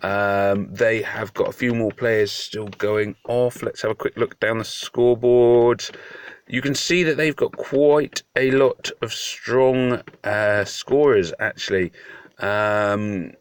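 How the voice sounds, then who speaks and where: A man's voice: lowish voice, steady tone, slow, smooth, no echo. A man with a British accent giving casual, joking commentary on a mobile game, self-deprecating and full of hesitations. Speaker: mobile game video host.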